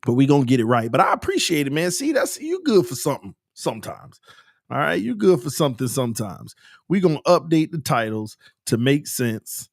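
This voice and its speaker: A man hosting a casual sports fan livestream, ranting and repeating himself with bursts of laughter and shouting. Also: a little high, no echo, studio quality. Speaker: sports channel host.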